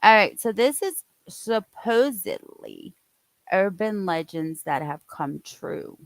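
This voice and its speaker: A woman's voice: mid-range voice, sing-song, takes it slowly, creaky, dry recording. A woman chatting casually on a live stream, reacting aloud and laughing.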